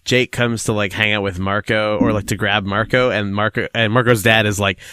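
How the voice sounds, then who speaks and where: Laid-back man recapping with a low, dry voice. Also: fairly even intonation, brisk, sharp tone, clear, resonant tone, no echo. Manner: profane, laughing, rambling recaps. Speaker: podcast co-host. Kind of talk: casual chat.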